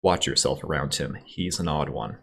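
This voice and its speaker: A man voicing a quiet, wary male rebel contact who speaks in a confiding, businesslike way. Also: normal speed, creaky, slight background noise, exaggerated voice. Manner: confiding, low-key, businesslike.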